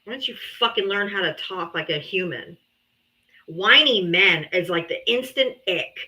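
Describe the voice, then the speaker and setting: A woman's voice: fairly low pitch, lively intonation, normal speed, sharp tone, rough recording. A woman hosting a live streamed political debate, brash and profane, mocking her guests with laughter. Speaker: livestream host.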